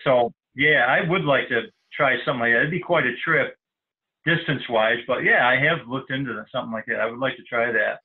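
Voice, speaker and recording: A man taking part as a guest in a casual hunting podcast, relaxed and agreeable. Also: medium pitch, fairly quick, phone-quality sound. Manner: relaxed, agreeable, frequent short affirmations. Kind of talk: casual chat.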